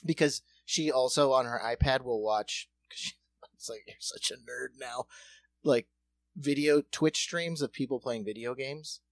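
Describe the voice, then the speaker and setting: A man's voice: medium pitch, measured pace, no room sound. A man co-hosting a podcast, telling a rambling, joking story in casual chat. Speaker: podcast co-host.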